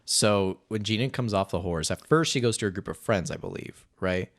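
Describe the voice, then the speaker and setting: Man, podcast co-host, low voice, very lively intonation, casual chat. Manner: animated, chimes in with quick agreement. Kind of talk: casual movie-review chat.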